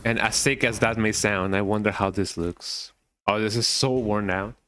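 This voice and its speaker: A man's voice: on the low side, steady tone, moderate pace, a bit bright. A man streaming a horror game, thinking aloud in a chatty, playful way and often tagging remarks with "eh?". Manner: thinks aloud, repeats words in silly riffs. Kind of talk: casual gaming commentary.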